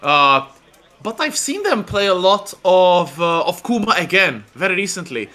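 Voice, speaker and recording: A man's voice: sits high, sing-song, moderate pace, pushed and bright. A man co-commentating a fighting game match live, analytical and hesitant with lots of filler words.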